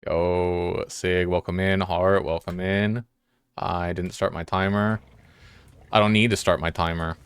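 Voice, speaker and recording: A man's voice: low voice, level tone, measured pace, smooth, no room sound, clean studio sound. A young man streaming a game, chatting casually with his viewers in a laid-back, rambling way. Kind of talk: casual live-stream chat while gaming.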